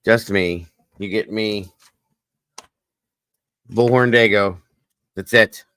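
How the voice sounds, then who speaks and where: A man with a low voice hosts a casual livestream, reading and answering viewer comments. He talks in a chatty, wired way, like someone running on too much coffee. The sound is dry and close, with no room echo. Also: steady tone, takes it slowly, fairly bright tone, clean tone. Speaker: livestream host.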